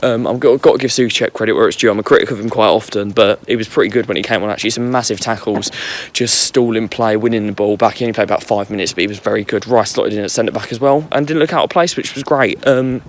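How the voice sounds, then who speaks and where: Young male football vlogger, hoarse, quick and rambling, phone mic on a night street. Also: on the low side, slight background noise. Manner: rambling, filler-heavy fan chat. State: losing his voice. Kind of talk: casual match recap. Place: walking on a street at night outdoors.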